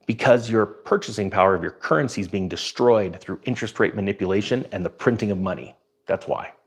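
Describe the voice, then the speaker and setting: Husky low-voiced man giving animated market commentary. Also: fast talker. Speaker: finance channel host. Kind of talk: casual commentary to camera.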